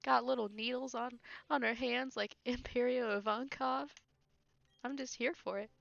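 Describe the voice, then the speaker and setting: A woman's voice: on the high side, steady tone, moderate pace, vocal fry, fairly bright tone, dry recording. A woman streamer giving casual gameplay commentary, laughing often and making sarcastic, teasing remarks. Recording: dull lo-fi stream audio with faint game music.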